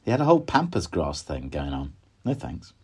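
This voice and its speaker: A man's voice: very deep voice, huge pitch swings, a little fast, darkish tone, husky, no room sound, studio quality. Chatty man touring his garden. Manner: chatty, wry, self-deprecating asides. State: slightly out of breath. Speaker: podcast host. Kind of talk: casual gardening walk-through. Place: outdoors in a garden.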